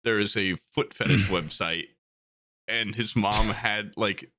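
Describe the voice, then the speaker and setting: A man's voice: a little slow, no room sound. A man co-hosting a podcast, telling stories in casual chat and leaping into mocking voices when he quotes people. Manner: animated storyteller, jumps high into mocking quoted voices. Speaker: podcast co-host.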